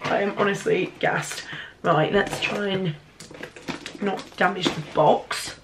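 A woman's voice: mid-range voice, slow pace. Young British woman, stuffy congested voice, bubbly and gushing, casual swearing, unboxing vlog, faint background noise. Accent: British English. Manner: gushing, excitable, swears freely. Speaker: YouTuber.

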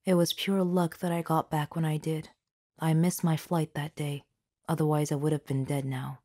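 A woman's voice: sits low, level tone, normal speed, dark tone, dry recording, studio quality. A woman voicing a livid, wealthy middle-aged father who speaks in an accusing manner. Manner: accusing, cold.

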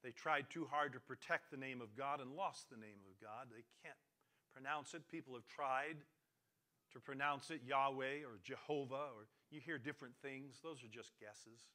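A man preaching a sermon as pastor, swinging from loud, emphatic lines to quiet, low passages and repeating his key phrases. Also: normal speed.

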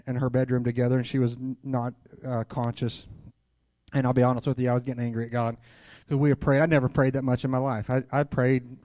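A man's voice: medium pitch, darkish tone, dry recording. A man preaching a sermon at a church conference, telling stories in a candid, conversational way and sprinkling in "hallelujah.". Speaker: guest preacher.

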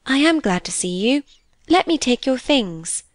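A woman's voice: on the high side, sing-song, a little slow, no room sound, clean studio sound, voice pushed up. A woman voicing a shy, affectionate young girl in an audiobook, sweet and eager.

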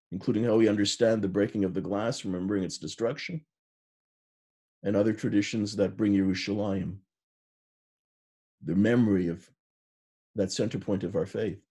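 A man in his sixties, a rabbi, giving a sermon and telling stories in an unhurried way, with Hebrew terms mixed in. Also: fairly low pitch, warm tone, husky.

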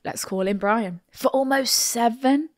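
A woman's voice: on the high side, measured pace. A young woman co-hosting a casual podcast, reading out a listener's letter and breaking into fits of laughter. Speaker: podcast co-host. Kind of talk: casual chat.

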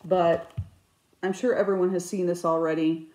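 A woman with a lowish voice talks about her stitching, chatty and rambling. She now and then bursts into animated outbursts. The room around her sounds echoey. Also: normal speed. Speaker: cross stitch vlogger. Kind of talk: casual chat.

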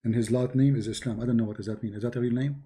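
Mocking Arabic-accented man, mellow voice. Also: medium pitch, racing. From Middle East. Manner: mocking, animated storyteller. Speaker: host. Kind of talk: livestream commentary.

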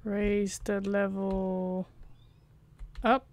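A woman's voice: medium pitch, flat delivery, extremely slow, a little mellow. A woman playing a game and commenting as she goes, muttering to herself and getting jumpy at the tense parts. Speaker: gaming channel host. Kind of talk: let's play commentary.

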